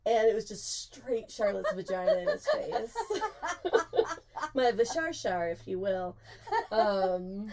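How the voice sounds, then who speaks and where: A woman's voice: mid-range voice, very animated, slow pace, a little mellow. A young woman co-hosting a podcast, telling a story in casual chat, laughing often and swearing freely.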